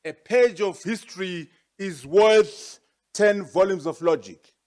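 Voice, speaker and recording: A man's voice: high voice, takes it slowly. A man giving a formal presentation as guest speaker, emphatic and rhetorical, firing off repeated questions and pushing hard on key words. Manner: forceful, with sharp rises for emphasis.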